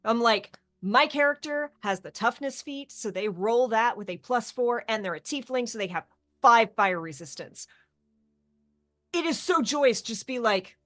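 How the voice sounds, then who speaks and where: A woman's voice: on the high side, normal speed, fairly bright tone. A woman who is a guest on a casual show about tabletop games, talking with enthusiasm and gushing about her own character. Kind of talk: casual tabletop game talk.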